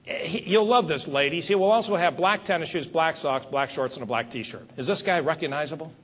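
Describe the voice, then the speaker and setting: A man giving a motivational sales seminar on stage, talking straight to the audience in an animated way. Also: a little high, fairly quick, breathy edge. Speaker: seminar speaker.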